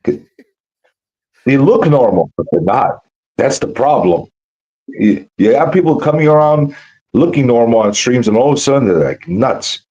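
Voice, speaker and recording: A tired man rambling in a casual, profane livestream chat, sounding rough from no sleep and cigarettes. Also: mid-range voice, very animated, measured pace, dark tone. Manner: rambling, profane, full of restarts and fillers. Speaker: guest on a livestream. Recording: dull lo-fi stream audio.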